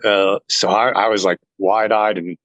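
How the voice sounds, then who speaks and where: A man telling a personal story to an interviewer in a casual chat, earnest and animated, acting out what others said. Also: on the low side, moderate pace, dry recording, muffled recording. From family heritage is Norwegian. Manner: earnest, animated retelling that acts out other people's lines. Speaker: interview guest.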